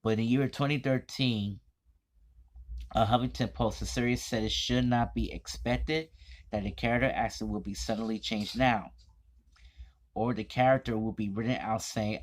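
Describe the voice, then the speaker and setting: A man vlogging an indignant commentary, reading text aloud in a halting, stumbling way. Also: mid-range voice, steady tone.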